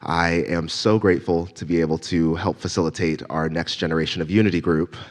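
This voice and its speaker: A man delivering the Sunday message at church in a relaxed, self-deprecating way, improvising with gentle humor. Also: sits low, a little fast. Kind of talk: informal sermon. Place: church sanctuary.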